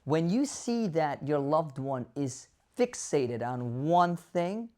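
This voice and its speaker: Speaking to camera, a man who's a doctor animatedly counsels dementia caregivers, asking rhetorical questions and voicing the people he quotes. He talks slowly in a slightly high voice with hardly any pauses.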